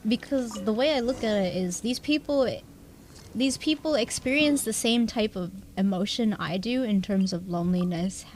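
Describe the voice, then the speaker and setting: A woman's voice: medium pitch, moderate pace, darkish tone, a little hiss or hum. A young adult woman livestreamer chatting casually with her viewers, rambling and self-deprecating, laughing often. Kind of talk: casual stream chat.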